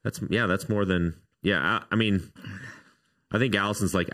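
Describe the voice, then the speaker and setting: Man pastor, podcast host, lowish voice, relaxed and joking, leads the talk. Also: unhurried, pauses often. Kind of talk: casual chat.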